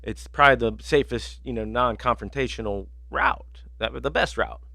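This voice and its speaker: A man's voice: medium pitch, normal speed, creaky, sharp tone, no echo, clean studio sound. A man hosting a sports betting podcast, telling rambling, profane stories in casual chat with lots of fillers.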